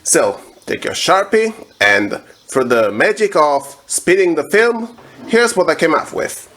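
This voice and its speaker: A young man hosting a comedic music tutorial, explaining every step in a slow, deadpan way. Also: fairly high pitch, a little hiss or hum.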